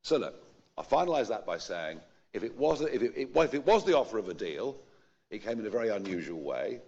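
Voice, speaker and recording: A politician giving a measured statement, with hedging restarts. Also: male voice, lowish voice, big pitch swings, a little mellow. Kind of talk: recorded public statement. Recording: dull lo-fi clip audio.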